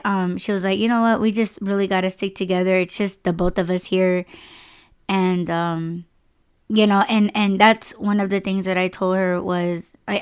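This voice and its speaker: A woman's voice: medium pitch, smooth. A young woman hosting a podcast, telling a personal work story casually and emotionally, with many fillers and restarts, close to tears. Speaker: podcast host.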